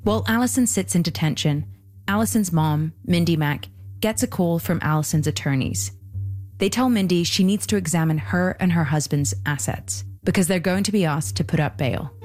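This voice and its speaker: A woman narrates a documentary podcast in a measured, scripted manner. Her voice is low for a woman. Faint music runs beneath her. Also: a little mellow.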